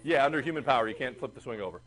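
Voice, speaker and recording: A man teaching a history class in a classroom, animated and chatty, often checking in with the students. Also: medium pitch, very fast, low-quality recording. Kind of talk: classroom lecture.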